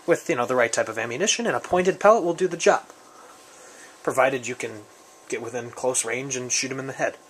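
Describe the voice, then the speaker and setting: A man's voice: fairly high pitch, a little hiss or hum. A man casually reviewing his survival gear on camera, rambling and joking in an off-the-cuff way. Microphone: camera mic, speaker off-frame.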